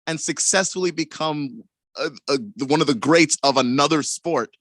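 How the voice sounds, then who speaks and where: A man's voice: on the high side, moderate pace, a bit bright, no room sound. A man co-hosting a sports talk radio show who argues his point in an exasperated way. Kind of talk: casual sports radio debate. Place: radio studio. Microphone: close studio mic. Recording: dry close studio sound.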